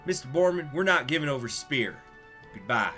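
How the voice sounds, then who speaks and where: A man's voice: medium pitch, very animated, normal speed, sharp tone, soft background music. A man voicing a blunt, unimpressed man president asking curt, incredulous questions.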